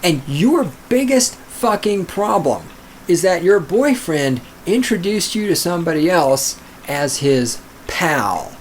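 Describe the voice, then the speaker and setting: A man's voice: fairly high pitch, sing-song, takes it slowly, slight background noise. A man hosting a podcast, reading listener letters aloud and ranting at them in a profane, combative, sarcastic way. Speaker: podcast host.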